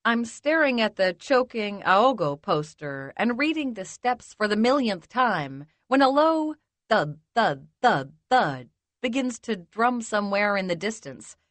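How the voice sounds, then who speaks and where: Slow, dry-voiced female audiobook narrator. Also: medium pitch, sing-song, fairly bright tone, no echo. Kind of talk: first-person romance audiobook narration.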